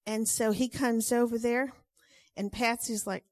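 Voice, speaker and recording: A woman telling a personal testimony story in a chatty, animated way, acting out the quotes. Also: on the high side, a little slow, no room sound, clean studio sound.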